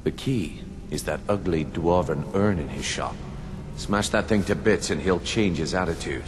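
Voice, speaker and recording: A man voices a scheming thieves' guild boss in a fantasy video game, persuasive and businesslike. His voice is very low, and the game audio carries a long reverb tail with a faint hiss behind it. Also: normal speed, close to an everyday voice. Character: smooth-talking male thieves' guild boss. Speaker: game character.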